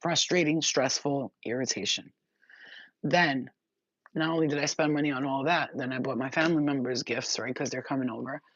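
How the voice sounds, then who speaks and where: A woman's voice: extremely low pitch, moderate pace, husky, no room sound. Woman rambling emphatically over a dull recording. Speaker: spiritual reader. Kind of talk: casual spoken monologue. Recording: dull, slightly muffled sound.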